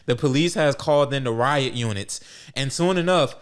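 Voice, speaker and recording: A man's voice: mid-range voice, moderate pace, clear, resonant tone. A man co-hosting a podcast, commenting on anime in amused, profane, casual chat. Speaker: podcast co-host.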